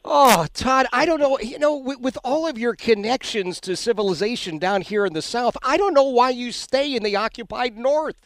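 A man's voice: extremely high pitch, moderate pace, hardly any pauses, no room sound, clean studio sound. A man hosting a talk radio show, folksy and enthusiastic as he chats with and promotes his guest.

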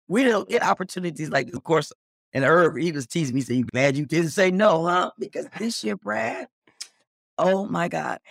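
Animated, gravelly-voiced middle-aged woman. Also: no echo, studio quality. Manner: animated, acts out quoted dialogue with big pitch jumps. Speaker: guest. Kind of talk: casual interview storytelling.

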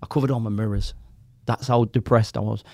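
A man in his forties, a podcast guest telling his story in casual, animated chat, quoting people and swearing as he goes. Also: fairly low pitch, fairly quick, no echo, studio quality. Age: 40s.

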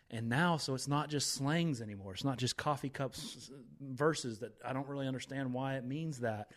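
A man's voice: mid-range voice, normal speed, hardly any pauses, a bit bright. A man hosting a faith podcast, talking with fired-up, preachy energy and reciting scripture with emphasis. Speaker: podcast host.

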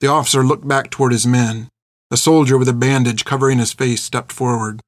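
A man reads a story aloud in a steady, measured voice of middle pitch. The recording is close and dry, with no room sound. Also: no room sound. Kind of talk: audiobook narration.

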